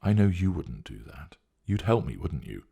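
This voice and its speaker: A man's voice: sits low, sing-song, normal speed, creaky, mellow, slightly rough, full character voice. A man reading a story, voicing a younger woman who brushes off worry on the phone. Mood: breezy.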